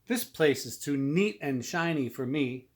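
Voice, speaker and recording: A small storybook pig who loves mud, squealing high and loud whenever something startles him, as a man reading aloud puts him on. He bounces all over the place when he talks. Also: expressive, a little slow. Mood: indignant.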